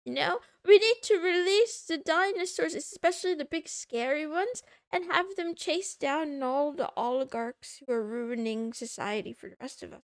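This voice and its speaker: A woman's voice: high-pitched, normal speed, few pauses, no room sound, clean studio sound. A woman VTuber chatting casually on a live stream, giggling, teasing herself and reading viewer messages aloud. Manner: giggly, self-mocking, reads chat aloud.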